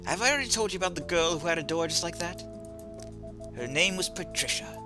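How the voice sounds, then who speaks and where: A man voicing a sardonic gentleman cat burglar in a put-on British accent, deadpan and wry, for a video game. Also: high-pitched, brisk, music in the background, voice pushed up. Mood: rambling. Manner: dry, deadpan, wry asides. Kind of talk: video game voice-over reading.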